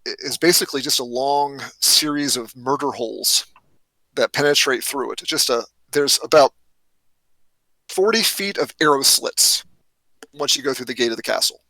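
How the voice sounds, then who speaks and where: A man's voice: mid-range voice, normal speed, sharp tone, no room sound, poor audio. A man narrating as game master in a tabletop role-playing game, often hesitant and restarting his sentences. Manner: hesitant, many fillers and restarts.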